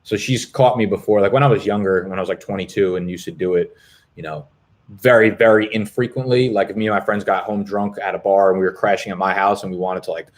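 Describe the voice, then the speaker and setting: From an apartment in Brooklyn, a man in his twenties hosts a fantasy football live stream, his deep voice steady in tone and fast. He reads viewer comments and chats casually, rambling, swearing, and joking.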